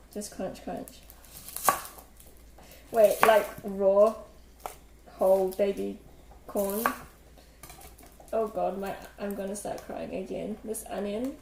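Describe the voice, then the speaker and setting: A woman's voice: mid-range voice, slight background noise. A woman hosting a casual cooking livestream, chatty and giggly, full of fillers, reading out chat while she preps food. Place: home kitchen. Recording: echoey kitchen with loud clatter. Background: kitchen clatter, chopping and dishes.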